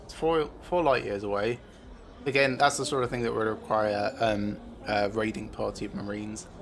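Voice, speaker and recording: A man's voice: lowish voice, steady tone, a crowd in the background. Man musing over a game. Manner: thinks aloud with many filler pauses. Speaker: streamer. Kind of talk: casual gameplay commentary.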